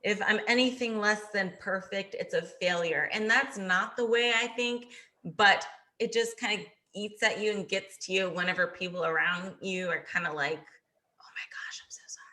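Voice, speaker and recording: Young woman, bright voice, chatty, animated, casual podcast talk. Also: mid-range voice, normal speed. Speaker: podcast guest, bikini competitor. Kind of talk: casual chat.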